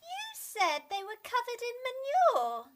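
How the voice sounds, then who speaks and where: An adult performer voicing a curious, excitable wooden puppet boy in a children's show, asking slow questions and squealing when frightened. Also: extremely high pitch, heavily acted.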